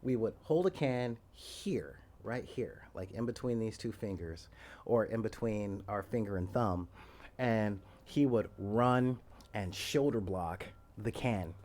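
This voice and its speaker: A man in his forties telling a story in a loose, rambling way, often laughing and acting out the quoted lines loudly. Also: lowish voice, slow pace. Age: 40s. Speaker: podcast host. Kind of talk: casual storytelling.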